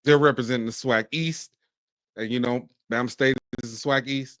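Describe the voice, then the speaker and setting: A man in his forties from Mississippi, hosting a casual sports commentary show, animated and talking in bursts with frequent restarts. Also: mid-range voice, moderate pace, dry recording. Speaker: podcast host.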